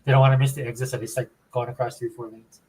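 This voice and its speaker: A man from Hawaii with a Hawaiian accent, chatting casually as a podcast co-host in a relaxed, rambling way. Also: medium pitch, quick pace, rough recording. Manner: laid-back, rambling explanations. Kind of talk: casual chat.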